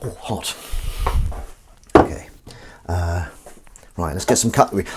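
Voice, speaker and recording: A man's voice: low-pitched, takes it slowly, heavy background noise. A man hosting a casual home live stream, chatting to viewers and his cat while washing up in his kitchen. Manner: rambling, chatty, talks to viewers and his cat, sings little tunes.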